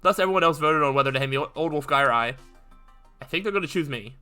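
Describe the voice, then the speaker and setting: A man playing a visual novel, reading its text aloud with commentary, quick and full of "uh" fillers. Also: on the high side, smooth, faint music behind. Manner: fast, animated reading with frequent "uh" fillers. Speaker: gaming video host.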